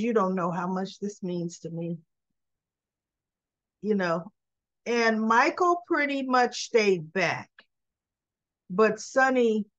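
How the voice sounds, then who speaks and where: A woman giving a casual recap of a soap episode, retelling scenes with lively asides and slipping into the characters' lines. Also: on the high side, no room sound, highs cut off. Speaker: soap opera recap vlogger.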